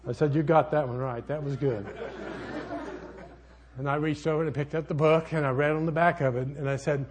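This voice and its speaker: An older man preaching a sermon as a pastor, folksy and rambling, with sudden loud outbursts in his storytelling. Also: a little high, fairly even intonation, a little fast.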